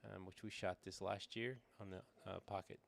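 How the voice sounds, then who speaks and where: A man's voice: low voice, moderate pace, gravelly, slight background noise. A middle-aged man streaming from a small shed, chatting casually and rambling through his setup with plenty of fillers. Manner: rambling, relaxed, thinks aloud with fillers. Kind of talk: casual live-stream chat. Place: small backyard shed with air conditioner running. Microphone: desk microphone, sometimes leaning away.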